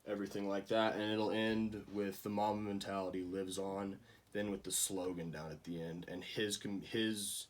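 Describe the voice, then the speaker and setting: A man's voice: deep voice, level tone, moderate pace, distant mic. A young man giving a casual class project presentation, with frequent ums and restarts. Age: young adult. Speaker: student presenter.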